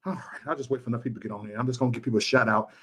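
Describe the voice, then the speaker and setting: A man's voice: mid-range voice, fairly even intonation, very fast. A man ranting to his livestream chat, impassioned and repeating himself for emphasis. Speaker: YouTube livestreamer.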